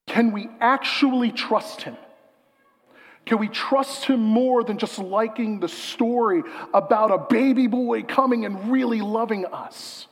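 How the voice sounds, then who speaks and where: A man preaching a sermon as pastor, emphatic and building to loud peaks, slowing to a hushed, reflective reading. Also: high-pitched, big-room sound.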